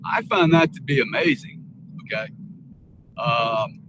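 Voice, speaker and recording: A man's voice: medium pitch, a little slow, noisy background. A man speaking earnestly and rambling with many restarts as a guest on a casual live panel talk.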